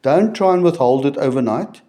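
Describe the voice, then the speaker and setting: A man reading a Bible chapter aloud verse by verse, slowing on key words and stopping to explain it in plain terms. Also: mid-range voice, expressive, dark tone. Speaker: Bible teacher. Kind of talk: reading scripture aloud with commentary.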